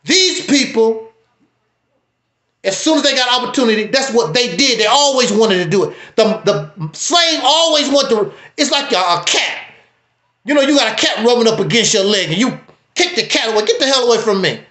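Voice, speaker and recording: A man hosting a livestream, talking in a casual, preachy, emphatic way with wide swings in pitch. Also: animated, normal speed, pushed and bright, roomy sound. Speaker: livestream host. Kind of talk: casual commentary.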